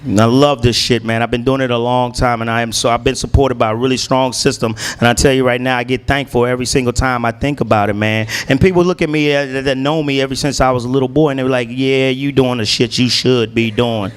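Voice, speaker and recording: A male stand-up comedian telling stories in a profane, animated way. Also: mid-range voice, fast, few pauses, smooth.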